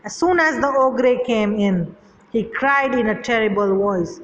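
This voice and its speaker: A woman's voice: fairly high pitch, a little slow, slight background noise. Woman teacher in an echoey hall. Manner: reads a line then paraphrases it simply. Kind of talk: reading a story and explaining it in a lesson. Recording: echoey hall, dull lo-fi sound.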